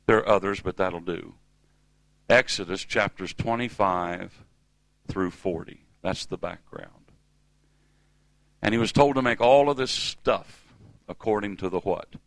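A man's voice: sits low, unhurried, pauses often, no room sound, low-quality recording. A middle-aged man preaching a sermon in a church service, emphatic and calling on the congregation to respond.

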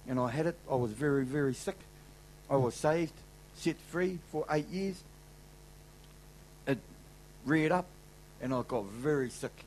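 A man's voice: mid-range voice, measured pace, pauses often, a little hiss or hum, rough recording. A middle-aged man with a New Zealand accent, giving an emphatic, colloquial sermon testimony to a convention crowd. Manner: emphatic, colloquial, swings loud and soft. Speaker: convention speaker.

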